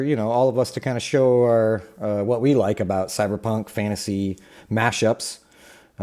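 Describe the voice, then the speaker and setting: A young man introduces his live tabletop game as its game master. His tone is warm and mellow and his voice is smooth and resonant. He talks in an easy, halting way, with plenty of fillers between phrases. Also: lowish voice. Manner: relaxed, halting with many fillers. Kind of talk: hosting a live tabletop stream.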